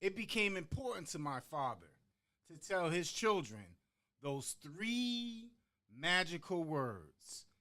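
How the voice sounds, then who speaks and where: Man telling a story in slow, dramatic spoken word. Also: a little high, big pitch swings, bright, forceful tone. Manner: dramatic, rhythmic delivery with long pauses on key words; acts out quoted voices within the story. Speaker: podcast guest performing a monologue.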